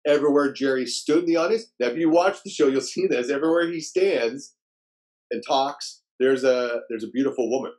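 Animated man telling a story. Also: mid-range voice, fairly quick. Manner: animated, acts out quotes in raised voices. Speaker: guest storyteller. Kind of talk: casual anecdote telling.

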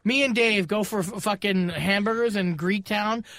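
High-voiced wisecracking man host. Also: normal speed, a bit bright. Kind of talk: casual comedy podcast banter.

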